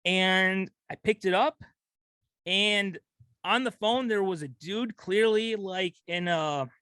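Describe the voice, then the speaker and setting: A man's voice: sits high, slow pace, bright, forceful tone, clean tone, dry recording. A man hosting a comedy podcast, telling stories animatedly, laughing often and acting out quotes. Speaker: podcast host. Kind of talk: comedic storytelling chat.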